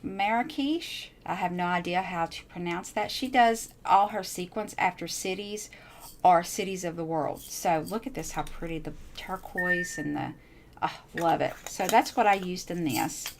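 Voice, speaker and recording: A woman's voice: on the low side, moderate pace. A woman chatting casually as she shows off her handmade crafts, gushing and repeating herself. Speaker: crafting channel host. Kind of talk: casual show-and-tell crafting chat.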